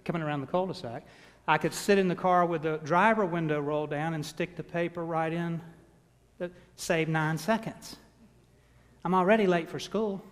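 A pastor in his sixties, preaching in a church with a slightly high-pitched voice. He tells stories in an animated, self-deprecating way. A long hall reverb trails each phrase. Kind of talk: sermon with personal storytelling. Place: church sanctuary.

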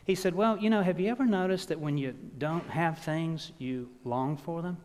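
A man delivering a sermon, telling stories and swinging from loud emphasis down to hushed words. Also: fairly high pitch, normal speed. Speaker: pastor. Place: church. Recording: long reverb of a church hall.

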